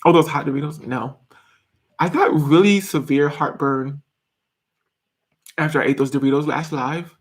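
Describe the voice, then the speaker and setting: Giggly, chatty young man, slightly high. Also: moderate pace, pauses often. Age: 20s. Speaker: live-stream host. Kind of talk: casual live-stream chat reading comments.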